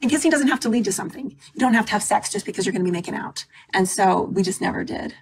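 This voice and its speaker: Woman, reality cast member, gravelly and emphatic, faint noise behind her. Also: mid-range voice, animated, very fast. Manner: candid, emphatic, drops to a near whisper. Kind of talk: interview clip.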